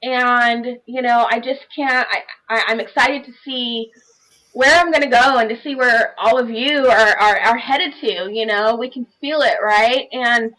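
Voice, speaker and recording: Bright, earnest woman sharing heartfelt testimony. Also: a little high, measured pace, poor audio. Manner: earnest, heartfelt, many "you know" fillers. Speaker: panelist and life coach. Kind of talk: personal testimony on a live panel.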